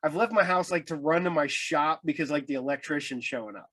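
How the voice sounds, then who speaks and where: A man's voice: fairly high pitch, a little fast, a bit bright. A man hosting a podcast, telling rambling anecdotes in casual chat with many restarts. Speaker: podcast host.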